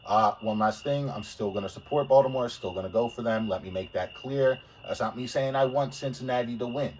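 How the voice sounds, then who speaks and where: A man's voice: mid-range voice, brisk. A man co-hosting a casual sports podcast, joking and blunt, cursing casually. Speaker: podcast co-host. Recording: distant mic with faint background noise.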